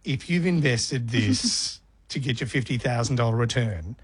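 An Australian man co-hosting breakfast radio, bantering and joking with quick asides. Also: medium pitch, expressive, slightly rough, dry recording. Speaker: radio co-host.

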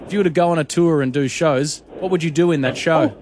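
Brief: male radio host, higher voice, playful, steers the call. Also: fast talker, background noise. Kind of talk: radio banter.

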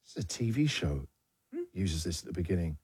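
A man's voice: low voice, expressive, brisk, over loud music. A man co-hosting breakfast radio, reading out misheard lyrics with playful, teasing laughter. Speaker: radio co-host.

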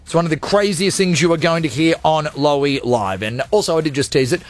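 Hosting a live radio show from a studio with music playing underneath, a man talks in a jokey, rambling, self-mocking way. His voice is a little high and a little fast.

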